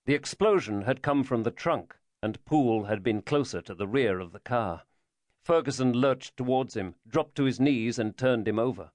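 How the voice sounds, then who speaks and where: A man narrating a thriller audiobook in a measured storytelling manner. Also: mid-range voice, darkish tone, no room sound. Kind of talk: scripted narration.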